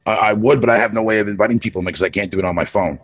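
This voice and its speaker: Fast, gravelly man chatting profanely. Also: lowish voice, no echo. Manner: profane, laughing, rambling. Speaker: podcast guest. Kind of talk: casual chat.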